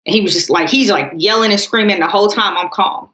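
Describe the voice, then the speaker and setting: A woman co-hosting a political podcast, telling stories calmly and talking straight to listeners. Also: medium pitch, fast. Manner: calm, storytelling, addresses listeners as y'all. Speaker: podcast co-host. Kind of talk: casual political chat. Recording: roomy, dull-sounding podcast audio.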